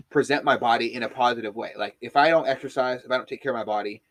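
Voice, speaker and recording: A man in casual podcast conversation, spinning stories with lots of energy and plenty of cursing. His voice sits at an ordinary middle pitch, picked up dry and close with no room sound. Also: fast talker, hardly any pauses, no echo. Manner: animated storyteller, swears freely.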